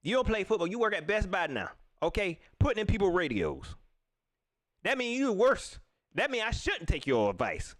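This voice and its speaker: A man hosting a casual sports livestream, talking straight to his viewers in a somewhat high voice. His pitch leaps up and down constantly as he rants playfully and breaks into laughter. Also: moderate pace. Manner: animated ranting, laughs often, talks to viewers. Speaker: sports talk show host.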